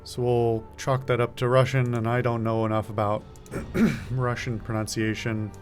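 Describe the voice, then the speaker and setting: A man's voice: mid-range voice, little pitch movement, moderate pace, soft background music. Casual man streaming a game. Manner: casual, musing aloud, stumbles on words. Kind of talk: reading a game aloud and commenting.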